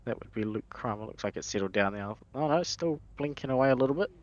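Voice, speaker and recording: A man commentating a sim race live, chatty and quick with frequent restarts, his voice going hoarse. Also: mid-range voice, expressive, dull audio. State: losing his voice. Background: race car engine noise.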